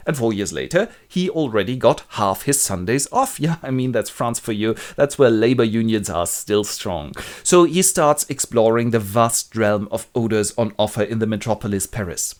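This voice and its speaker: A man narrating a comic book summary in a wry, playful, joking way. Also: mid-range voice. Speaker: literature video host.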